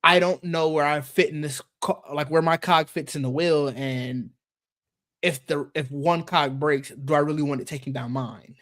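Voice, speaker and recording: A man's voice: on the high side, steady tone, normal speed, a bit bright. A man co-hosting a tech podcast, chatting casually and rambling, with frequent restarts and easy laughter. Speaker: podcast co-host.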